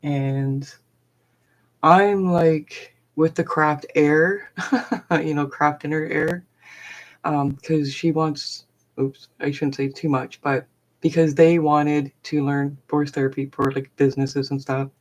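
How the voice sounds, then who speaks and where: Low-voiced middle-aged woman rambling. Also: steady tone, slow pace. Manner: chatty, heavy with fillers like "like" and "um". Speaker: live streamer and forest therapy guide. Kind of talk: rambling personal storytelling.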